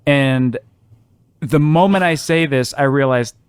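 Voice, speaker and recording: A young man casually telling a funny travel story on a podcast, animated, laughing often, with many ums. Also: medium pitch, a little slow, clean tone, dry recording. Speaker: podcast co-host.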